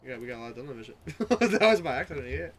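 A man's voice: mid-range voice, big pitch swings, very fast, a bit bright. A man streaming a video game from his home setup, chatting casually, laughing often and swearing freely. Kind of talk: casual gaming chat.

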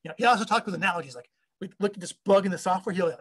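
Husky rambling man, high-pitched. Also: fast, a bit bright. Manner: rambling, full of fillers and acted-out quotes. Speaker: company founder and CTO. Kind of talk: casual talk to an online audience.

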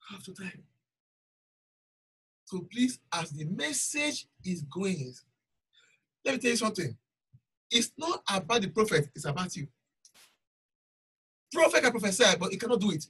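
Husky high-voiced male preacher. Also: a bit bright, recorded from a distance, poor audio. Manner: emphatic, repeats phrases for stress. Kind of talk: sermon with personal testimony.

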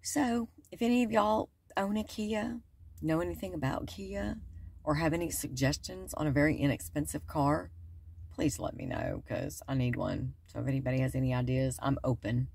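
A woman's voice: sits low, normal speed, vocal fry, a little mellow, slight background noise. A woman chatting and joking to viewers in a casual vlog, filmed on a phone in and around her car. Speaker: vlogger. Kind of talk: casual chat to camera. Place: in and around a car, going into a store.

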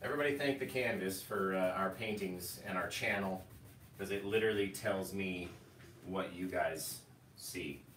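Male painting host, rambling and casual; bright, forceful tone, distant mic with faint noise. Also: deep voice, normal speed, roomy sound. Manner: rambling, chatty, storytelling asides. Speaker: painting instructor. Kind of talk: casual live tutorial chat.

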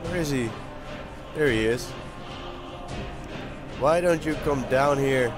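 A hoarse young man talks through his game in a casual let's-play, his voice cracking now and then. He speaks slowly and excitably, with a faint music bed behind him. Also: medium pitch. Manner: excitable, talks to viewers while playing. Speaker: gaming channel host.

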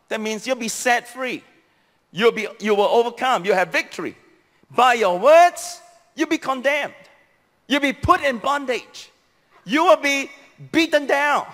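A Singaporean English-accented pastor preaches with a somewhat bright voice trailed by long reverb. Emphatic and repetitive, he hammers key phrases and sweeps his pitch widely.

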